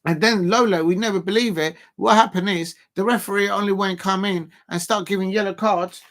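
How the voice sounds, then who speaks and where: A man giving rambling, casual live commentary on a match and shouting out viewers by name. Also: high voice, steady tone, fairly quick. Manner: rambling, chatty, lots of fillers, shouts out viewers. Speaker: live stream host.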